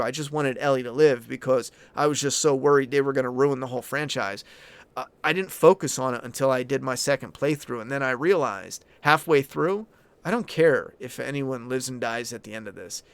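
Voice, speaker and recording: A man's voice: mid-range voice, normal speed, no echo. A man hosting a casual opinion commentary, answering viewer chat in a blunt, ranting way with frequent swearing. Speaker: channel host.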